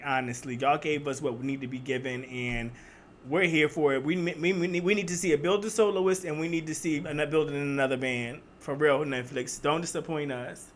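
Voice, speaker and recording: Male reaction vlogger, Philly accent, light high voice, chatty and emphatic. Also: a bit bright. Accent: Philadelphia. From Philadelphia. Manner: chatty and emphatic, addressing viewers as y'all. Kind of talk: casual reaction review.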